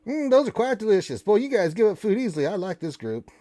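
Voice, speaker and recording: A man's voice: high-pitched, very animated, fast talker, warm tone. A man voicing a crude, wisecracking male raven who bosses the party around and begs for crackers. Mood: sassy. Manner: brash, cheeky, bossy. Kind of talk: tabletop role-play voicing.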